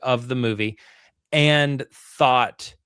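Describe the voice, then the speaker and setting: A man co-hosting a relaxed podcast, feeling his way through his points with pauses and restarts. His voice sits at an ordinary middle pitch. The recording is dry and close. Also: clean tone, no echo. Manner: easygoing, hesitant, full of fillers and restarts. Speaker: podcast co-host. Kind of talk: casual podcast chat.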